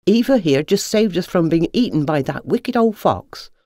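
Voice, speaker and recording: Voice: medium pitch, lively intonation, moderate pace, a little mellow, no echo, studio quality, lightly acted. A storyteller voicing a fussy, kindly hen who clucks and stutters when frightened. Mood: protective. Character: flustered clucking mother hen, fussy and kind.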